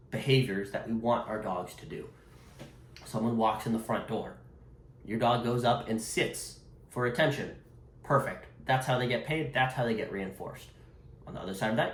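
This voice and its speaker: A man's voice: mid-range voice, reverberant. A man, a dog trainer, giving a direct, emphatic lesson to camera and repeating his key points. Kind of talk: instructional talk to camera.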